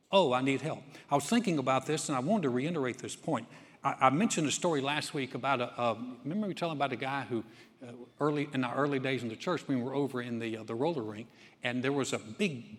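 Pastor preaching in a reverberant hall. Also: male voice, mid-range voice. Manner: conversational, builds to loud emphatic preaching. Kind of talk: sermon. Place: church sanctuary.

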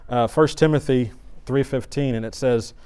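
A middle-aged man delivers a church sermon at an ordinary pitch, relating a personal story in a lively, chatty way and often restarting his sentences. He speaks at a normal speed with a clear, resonant tone.

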